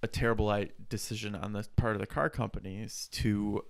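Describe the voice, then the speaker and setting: A man's voice: on the low side, fairly even intonation, brisk, vocal fry. A man co-hosting a casual tech podcast, joking and sarcastic. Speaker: podcast co-host.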